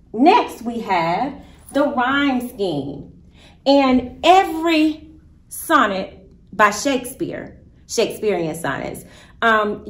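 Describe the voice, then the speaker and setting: A woman teacher giving a recorded virtual lesson, explaining step by step in a patient, deliberate way. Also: fairly high pitch, roomy sound.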